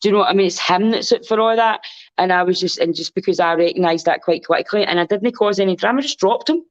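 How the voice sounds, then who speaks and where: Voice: mid-range voice, fast talker, highs cut off. A podcast guest with a Scottish accent, chatting casually in a rambling, earnest way and swearing freely. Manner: rambling, earnest, swears freely, repeats "you know what I mean". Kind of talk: casual chat.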